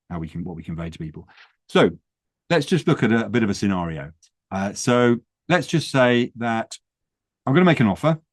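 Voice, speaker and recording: A man's voice: on the low side, darkish tone, dry recording, studio quality. A man giving practical advice on a podcast, explaining in a conversational way with rhetorical questions. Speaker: property investment educator. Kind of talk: podcast talk.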